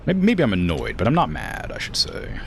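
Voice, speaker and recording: Deep-voiced blunt young male streamer. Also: huge pitch swings, brisk, fairly bright tone, slight background noise. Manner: blunt, direct delivery that stresses words hard. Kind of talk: casual gameplay commentary.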